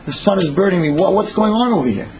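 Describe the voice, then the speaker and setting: A man as a weary, dutiful son in a told parable, earnest and plain-spoken. His voice stays near the teller's own, a touch above the usual man's pitch. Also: lively intonation, quick pace, a little hiss or hum, poor audio. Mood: complaining. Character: hardworking good son, weary and stubborn.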